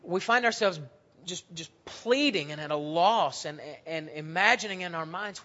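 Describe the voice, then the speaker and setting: A man preaching a sermon in a church, telling stories and acting out the voices in them, swinging from loud to hushed. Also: on the high side, normal speed. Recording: dull lo-fi recording.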